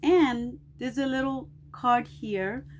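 A middle-aged woman with a fairly high voice chats through a mail unboxing. She gushes with effusive thanks and takes her time, talking slowly. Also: a little hiss or hum. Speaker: vlogger opening mail. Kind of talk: casual unboxing chat.

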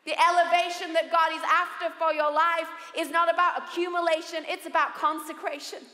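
Bright high-voiced woman preaching in a hall. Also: brisk. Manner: lively, humorous preaching that acts out quoted voices. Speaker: pastor. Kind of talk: sermon. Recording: echoey hall with long reverb.

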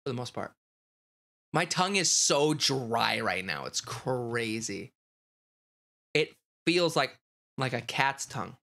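A woman's voice: very deep voice, big pitch swings, slow pace, pauses often, a bit bright. A woman streaming live, chatting on a call in a rambling, crude and giggly way. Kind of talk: casual live-stream chat.

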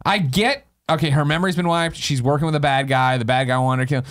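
A man's voice: on the high side, fairly even intonation, fast talker, fairly bright tone. A man hosting a casual movie review chat, recapping scenes and acting out characters as he goes. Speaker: podcast host.

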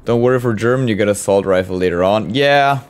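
Commenting live on a war shooter, this man speaks a little fast in a lowish, clean-toned voice. He swears often and talks to his chat during play. In-game gunfire, explosions, and artillery sound behind him.

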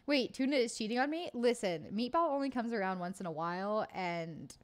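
A bubbly woman hosts a livestream, chatting casually, reading live comments, swearing freely, and laughing often. Her voice is a little high and animated, and she talks fairly quickly.

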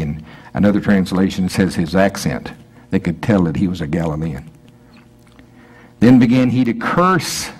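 A man with a low-pitched voice delivers a Sunday-style sermon in a church. He reads the old scripture in a measured way, then explains it in loose, conversational asides with a light flavor, often mimicking the people in the story in a raised voice. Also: expressive, a little mellow, breathy edge. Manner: conversational, acts out voices, breaks into laughter. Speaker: preacher.

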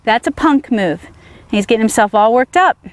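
A woman's voice: on the high side, expressive, normal speed. A woman horse trainer giving a riding demonstration outdoors, firmly coaxing her horse with short praise while explaining to viewers.

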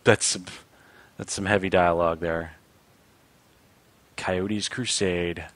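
A man's voice: deep voice, steady tone, slow, a bit bright, dry recording. A young man giving casual let's-play commentary, sarcastically reading game dialogue aloud in a lightly raised voice. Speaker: gaming video host.

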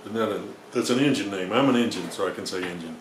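A man's voice: on the low side, fast talker, roomy sound, a little hiss or hum, poor audio. A man chiming in from off camera with dry, joking quips in casual banter. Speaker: off-camera helper.

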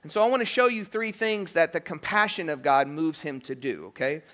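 A male pastor preaching a sermon in a church, animated and joking, with frequent asides like "okay?" and "right?". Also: on the high side, fairly quick. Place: church sanctuary.

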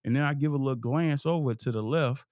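Animated, profane young man telling stories. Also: mid-range voice, fast talker, dry recording, clean studio sound. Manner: animated and profane, acting out scenes and his own inner voice. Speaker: host. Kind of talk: casual storytelling monologue.

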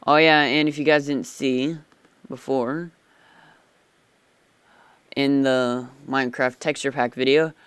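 A man's voice: mid-range voice, fairly even intonation, takes it slowly, long pauses, a bit bright, clean tone, dry recording. A man giving rambling, chatty commentary while playing a game, easily startled. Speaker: let's play gamer. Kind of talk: casual gameplay commentary.

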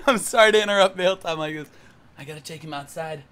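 A man's voice: fairly high pitch, a little fast, sharp tone. A man streaming live from his room, talking straight to his viewers in a jumpy, swearing way. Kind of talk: casual live-stream chat. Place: home room.

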